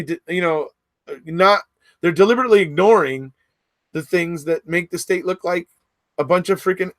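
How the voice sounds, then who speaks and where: A man's voice: mid-range voice, dry recording. Chatty man reading live viewer comments. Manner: chatty, reads comments aloud and answers, frequent restarts and fillers. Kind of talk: casual livestream chat.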